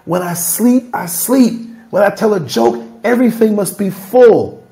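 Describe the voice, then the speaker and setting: A man's voice: high-pitched, unhurried, gravelly, mellow. Emphatic, emotional man hosting a podcast. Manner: emphatic, emotional, freewheeling storytelling. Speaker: podcast host. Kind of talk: candid podcast conversation.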